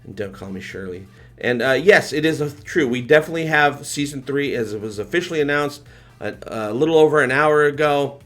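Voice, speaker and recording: A man hosts a live stream in a loose, rambling way. He talks with excitement and keeps thanking his viewers. His voice sits at an ordinary middle pitch. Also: a little fast, soft background music. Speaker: livestream host. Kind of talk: casual live-stream chat.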